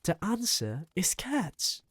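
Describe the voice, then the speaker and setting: A reader voicing an excitable young boy who has been turned into a mouse, in an audiobook reading, with eager, breathless exclamations. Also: mid-range voice, unhurried, no room sound, voice pushed up. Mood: excited.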